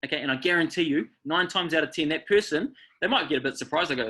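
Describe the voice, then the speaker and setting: A man's voice: fairly high pitch, fast, pushed and bright, slightly rough. A man with a New Zealand accent, presenting an online workshop in an upbeat, coaching way and often checking in with his listeners.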